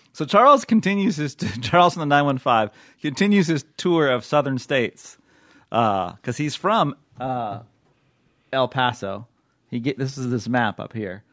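A man's voice: medium pitch, fairly bright tone, no room sound, studio quality. A man hosting a podcast in a casual, jokey chat, laughing often and rambling between topics. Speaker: podcast host.

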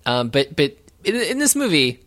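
Dude rambling thru a movie recap on a podcast, sarcastic, full of uhs. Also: male voice, a little high, big pitch swings, normal speed, a bit bright. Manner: rambling, hesitant with many fillers, wry. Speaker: podcast co-host. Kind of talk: casual film recap chat.

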